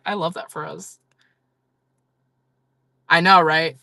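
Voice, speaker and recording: A woman's voice: lowish voice, fairly even intonation, slow, gravelly, long pauses, bright, forceful tone, no echo. A woman chatting casually on a livestream with her viewers, blunt and frank, laughing often and swearing freely.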